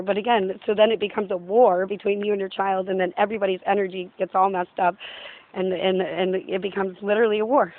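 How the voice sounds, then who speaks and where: A woman's voice: medium pitch, steady tone, a little fast. Rambling woman on a tinny phone line. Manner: meandering, heavy use of "like", frequent laughs. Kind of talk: rambling personal faith talk. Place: outdoors in a yard.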